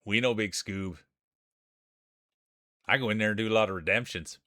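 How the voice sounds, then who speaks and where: A man's voice: on the low side, normal speed, bright, forceful tone. A man with a Canadian accent giving chatty play-by-play commentary on a live stream. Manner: chatty play-by-play with frequent laughs.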